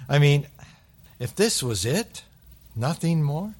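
Middle-aged male pastor, sermon delivery, emphatic peaks and soft low asides. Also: very animated, takes it slowly. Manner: swings from loud emphatic bursts to hushed low asides.

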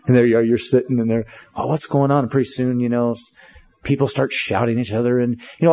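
A man's voice: medium pitch, a little mellow, highs cut off. A man preaching a sermon in an earnest, conversational way, with many fillers. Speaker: pastor.

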